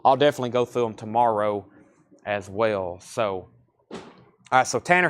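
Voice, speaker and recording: A man's voice: lowish voice, normal speed, fairly bright tone. Southern man calling out record prices. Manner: rattles off titles and prices, repeats them. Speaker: live record sale host. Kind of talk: live-stream sales patter. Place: record shop surrounded by crates.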